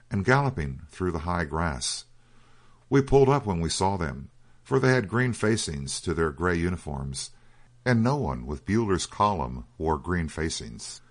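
A man with a very low voice reads a story aloud as an audiobook narrator. His delivery is measured and steady.

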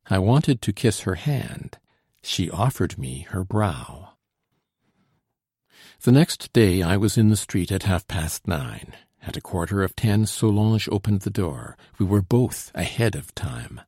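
A man narrating a story in the first person, with a measured storytelling delivery and a husky, gravelly voice. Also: low voice, sing-song, darkish tone, dry recording, clean studio sound. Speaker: audiobook narrator.

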